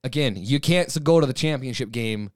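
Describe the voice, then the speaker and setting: A man's voice: mid-range voice, lively intonation, fairly quick, no room sound, studio quality. A man co-hosting a casual sports talk show, ranting heatedly and emphatically about his team. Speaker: podcast co-host.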